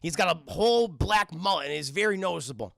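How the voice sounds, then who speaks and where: A man with a high, heavily gravelly voice tells a film's story on a live stream. He sounds bright and edgy, swears freely and keeps turning to his chat as he goes. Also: fast, no room sound, clean studio sound. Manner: animated, profane, keeps addressing the chat. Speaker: streamer and film reviewer. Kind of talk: casual live-stream film recap.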